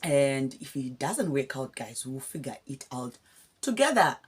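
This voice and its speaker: Low husky-voiced Zimbabwean woman vlogger. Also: very animated, a little slow. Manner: heartfelt, addresses viewers as guys. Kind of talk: casual emotional talk to camera.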